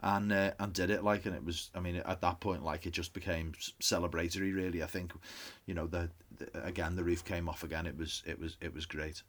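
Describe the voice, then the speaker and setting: Bloke with a lowish voice going over the goals, relaxed, trails off quiet. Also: male voice, brisk, hardly any pauses. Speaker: football podcast guest. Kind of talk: casual match reaction chat.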